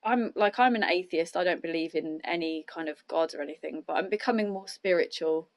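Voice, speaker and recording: A woman's voice: lowish voice, fairly quick. A woman hosting a podcast, chatting reflectively in a rambling way with many restarts. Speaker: podcast host. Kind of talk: casual chat.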